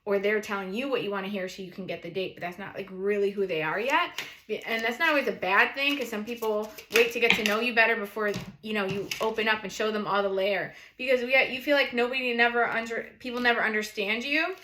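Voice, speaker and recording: Fast-talking woman with a New England accent. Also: mid-range voice, pushed and bright, echoey room, slight background noise. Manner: fast-talking, playful, laughs often. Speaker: tarot reader. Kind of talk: chatty tarot card reading.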